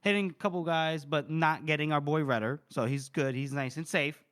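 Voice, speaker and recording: A young man co-hosting a podcast, casually retelling a book chapter with quick voiced quotes and laughs. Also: fairly high pitch, fairly even intonation, fairly bright tone, clean tone. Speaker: podcast co-host.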